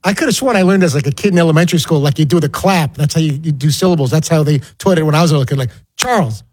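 Quick talking guy, higher voice, rambly, a bit husky. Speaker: co-host.

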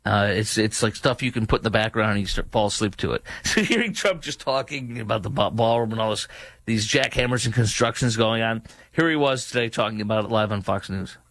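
A man hosting a talk show, delivering heated political commentary in an indignant, mocking tone that now and then rises to a shout. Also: fairly low pitch, a little fast, no room sound.

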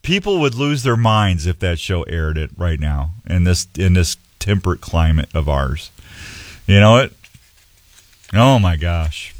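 A man's voice: low voice, expressive, unhurried, no echo. Chatty joking male radio host. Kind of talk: casual radio chat.

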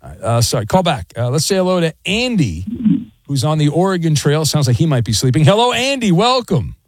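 A man's voice: a little high, fairly quick, no echo. Joking male talk radio host. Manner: joking, sarcastic, animated. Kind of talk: casual sports talk radio. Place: radio studio.

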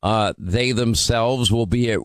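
A man hosting a call-in radio talk show, speaking in a forceful, emphatic way with frequent fillers. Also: mid-range voice, a little slow, no echo. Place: radio studio.

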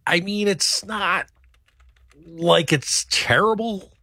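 A man's voice: high-pitched, slow pace, pushed and bright, slightly rough, no room sound. A man giving a casual, conversational weather forecast with plenty of fillers. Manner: loose, conversational, many fillers. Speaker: meteorologist.

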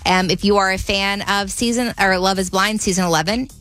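A woman with a Minnesotan accent hosting a radio entertainment segment, chatting excitably about celebrity news with lots of "like" fillers. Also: mid-range voice, a little fast, soft background music. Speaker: radio host.

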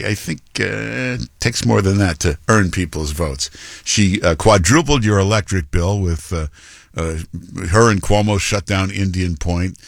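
A man's voice: low-pitched, no room sound, studio quality. A male talk radio host giving blunt, mocking commentary with many fillers and restarts.

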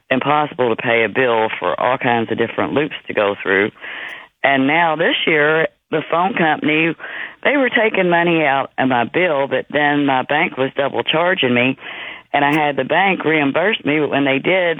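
A man's voice: fairly high pitch, no echo. A man calling in to a radio show from Missouri, telling a long, meandering complaint. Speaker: caller. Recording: tinny dry phone line.

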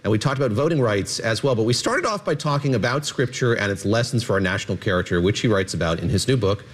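A man reporter introduces his interview and then asks his questions. His voice is low and husky, and he speaks quickly with an eager energy. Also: animated. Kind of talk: interview and studio chat.

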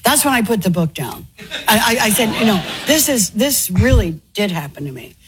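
A woman earnestly recounting a personal experience, halting and restarting often, and growing emotional as she speaks. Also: mid-range voice, animated, background noise. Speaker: interview guest. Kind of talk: personal storytelling.

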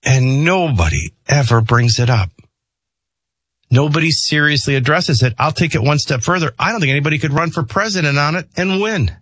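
A middle-aged man hosting a show, rambling between personal stories and opinion rants in an animated way. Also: fairly high pitch, fairly quick, breathy edge, no echo. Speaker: host. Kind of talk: opinion monologue with storytelling.

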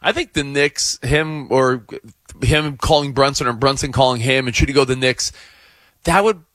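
A man's voice: mid-range voice, moderate pace, fairly bright tone, no room sound. A man co-hosting a live sports radio show from a studio, chatty and laughing as he tells stories. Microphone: studio microphone.

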